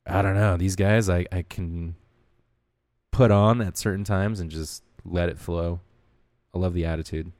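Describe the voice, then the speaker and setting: A man with a fairly low voice co-hosts a music podcast in casual chat. He rambles and hesitates, searching for words. The recording is dry, with almost no room echo. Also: darkish tone, clean tone. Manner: hesitant, rambling, full of fillers. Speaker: podcast co-host.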